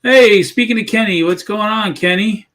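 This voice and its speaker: A man hosting a casual livestream interview, chatty and promotional as he asks questions and pitches the campaign. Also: normal speed, fairly bright tone, reverberant. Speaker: livestream host.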